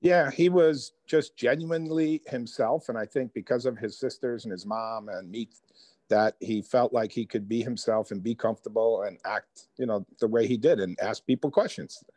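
A man telling personal stories as a guest in an interview, lively and conversational. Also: medium pitch, normal speed, dry recording. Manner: animated storyteller, acts out quoted voices. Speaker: author and guest. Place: Hoboken.

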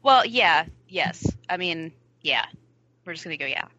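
Brief: woman co-host, lowish bright voice, dry teasing, muffled remote mic. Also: expressive, a little slow, crowd noise. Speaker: podcast co-host. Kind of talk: casual chat. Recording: dull lo-fi mic.

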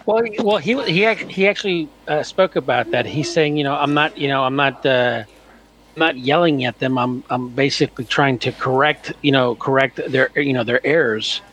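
A man co-hosting a casual podcast chat, talking in a halting way full of "you know" fillers. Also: medium pitch, fairly bright tone, low-quality recording. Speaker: podcast co-host.

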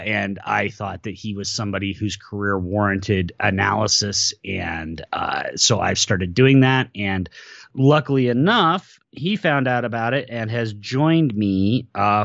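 A man talking as a podcast guest in casual chat, enthusiastic and quick in bursts. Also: lowish voice, vocal fry, a bit bright, no echo, muffled recording.

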